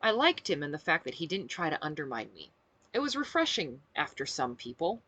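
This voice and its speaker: A woman author reading her own novel aloud with expressive, animated narration. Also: low voice, brisk, breathy edge, no room sound.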